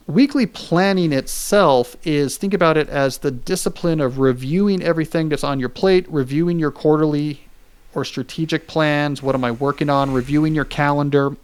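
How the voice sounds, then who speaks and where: A man in his forties hosting a podcast, explaining ideas in casual chat with joking asides. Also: fairly high pitch. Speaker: podcast host.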